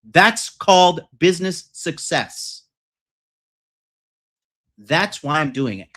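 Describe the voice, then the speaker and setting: A man's voice: on the high side, animated, slow, sharp tone. A man coaching on dating and success in a ranting monologue, profane, boastful and combative.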